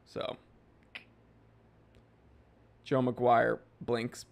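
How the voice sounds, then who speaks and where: A man's voice: mid-range voice, monotone, drawn-out words, vocal fry. Jokey man in his thirties, livestream host. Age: 30s. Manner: jokey, reads viewer comments aloud. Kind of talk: casual live chat reading.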